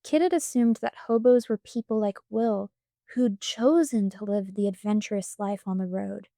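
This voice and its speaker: A woman reading a storybook audiobook aloud in a calm, measured way on a close microphone. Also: medium pitch, creaky, dry recording. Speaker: audiobook reader.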